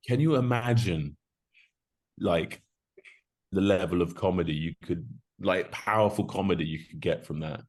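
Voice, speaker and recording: Guy with a really low voice on a podcast, rambly and excited, lots of ums and sort-ofs. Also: normal speed. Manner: enthusiastic, rambling with fillers. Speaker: guest, rugby prop forward. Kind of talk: casual podcast chat.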